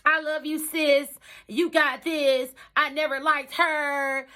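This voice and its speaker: A woman putting on a two-faced friend's voice, high and sugary, repeating sweet promises again and again. It sounds bright and overdone, gushing with false warmth. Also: flat delivery, slow pace, exaggerated voice. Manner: sugary, repetitive, overly sweet.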